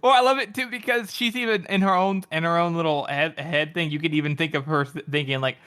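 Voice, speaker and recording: A chatty man co-hosts a casual book discussion in a high voice. His tone is bright and edged, and he laughs as he explains. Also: fairly even intonation, fast talker, smooth. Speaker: podcast co-host.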